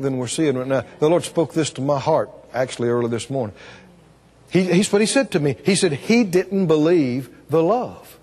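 Male revival preacher, high and lively voice, long hall reverb. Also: breathy edge. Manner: emphatic, call-and-response with the congregation. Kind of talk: revival sermon. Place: church or meeting hall.

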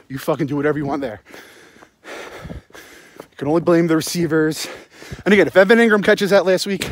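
A man's voice: fairly high pitch, a little hiss or hum. A young man, out of breath, ranting and swearing about a football game into his phone while jogging outdoors at night. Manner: rambling, sarcastic, heavy swearing. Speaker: sports podcast host. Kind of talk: profane postgame rant while jogging. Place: outdoors at night, running in the cold.

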